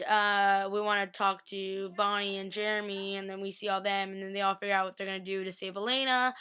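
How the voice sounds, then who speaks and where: A woman with a bright, crisp voice gushes through a casual TV recap. She talks in slang and with strong feeling. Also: mid-range voice. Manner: gushing, emotional, slangy. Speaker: vlogger.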